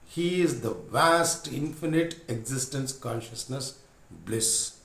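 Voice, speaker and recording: A man's voice: mid-range voice, expressive, creaky, fairly bright tone. Man teaching in an echoey room. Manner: unhurried storytelling with frequent pauses. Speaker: spiritual teacher. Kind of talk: spiritual discourse. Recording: roomy echo.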